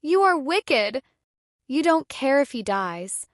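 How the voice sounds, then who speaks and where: A brave young boy in a spoken storybook, firm and earnest as he shields his siblings, as a woman narrator puts him on. The voice sits fairly high and close. Its dry sound has little room around it. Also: slow pace, a bit bright, no echo. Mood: shouting. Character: brave young boy, protective older brother.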